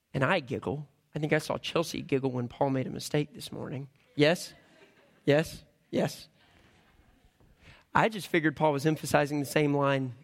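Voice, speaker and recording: A man in his thirties delivers a sermon with a high, lifted voice. He tells lively, humorous stories and drops to a hush for his serious points. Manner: animated storytelling with humor; swings between loud and hushed. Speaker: preacher.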